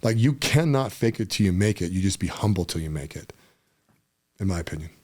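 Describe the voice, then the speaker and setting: A middle-aged man with a somewhat low voice talks in a relaxed podcast chat. He gets emphatic and animated as he tells his stories. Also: brisk. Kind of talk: casual podcast conversation.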